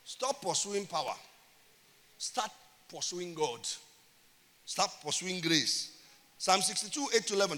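High, bright-voiced pastor preaching. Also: male voice, lively intonation, a little slow, long pauses. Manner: emphatic preaching with call-and-response. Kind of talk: sermon. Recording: reverberant church hall.

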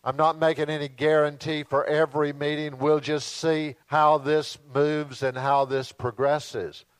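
A visiting preacher delivers a sermon at an unhurried, drawn-out pace. His voice sits a little high for a man, and he leans on dramatic pauses to stress his points. The recording is dry, with little room sound. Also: level tone, clear, resonant tone, no room sound.

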